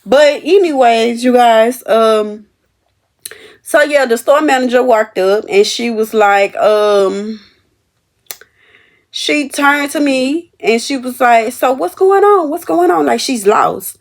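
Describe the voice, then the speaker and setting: Young woman, high voice, animated and emphatic, storytelling vlog straight to viewers. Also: takes it slowly. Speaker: store cashier telling a work story. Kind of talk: casual storytelling to camera.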